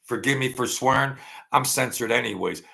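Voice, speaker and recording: A middle-aged man with a gravelly voice, ranting angrily and profanely in a rambling political monologue. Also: medium pitch, normal speed. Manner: angry, profane, rambling rant with sudden loud outbursts. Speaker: political commentary vlogger.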